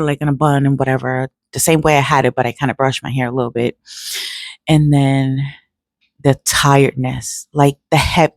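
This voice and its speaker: A middle-aged woman vlogger telling a personal story in a casual, emotional, animated way. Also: low-pitched, no room sound, clean studio sound. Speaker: nail artist vlogger.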